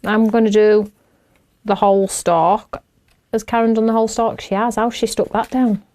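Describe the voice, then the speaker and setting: A woman's voice: mid-range voice, level tone, normal speed, mellow. A middle-aged woman, chatting and laughing as she hosts a craft show while she works. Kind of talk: casual chat while crafting.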